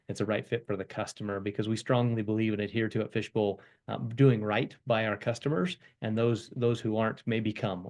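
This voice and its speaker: A man speaking as a software company guest in a webinar interview, explaining things in an earnest, upfront way with frequent repeats. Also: fairly low pitch.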